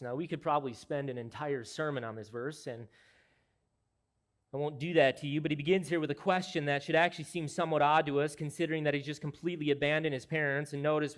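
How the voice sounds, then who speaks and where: A man delivers an expository sermon from the pulpit, earnest and emphatic as he explains the text. His voice sits a little higher than most men's. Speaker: pastor.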